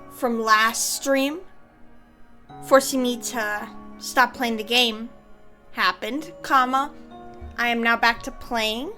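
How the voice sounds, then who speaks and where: A woman streaming a game, chatting casually, rambling and swearing, with sudden loud high-pitched complaints. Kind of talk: casual gaming stream chat.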